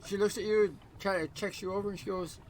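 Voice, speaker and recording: A man narrating a tabletop game as game master, rambling and dropping into quick character voices. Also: high-pitched, steady tone, slight background noise, poor audio.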